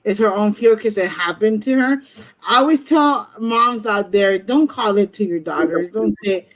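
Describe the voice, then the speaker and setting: A woman's voice: mid-range voice, moderate pace, low-quality recording. A woman hosting a live stream, giving a blunt, profane tarot reading to a caller. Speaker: host, tarot reader.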